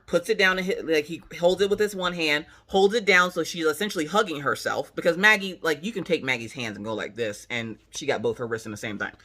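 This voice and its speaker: A woman hosting a casual vlog, telling a family story in an animated, emphatic way with sassy asides. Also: low-pitched. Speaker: channel host, mother.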